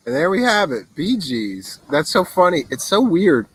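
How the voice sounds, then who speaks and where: A man hosting a call-in show in casual chat, recorded on a laptop outdoors by a fire in the mountains, relaxed and easily amused. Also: on the high side, moderate pace, slightly rough, dry recording, rough recording. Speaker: host. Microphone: laptop mic.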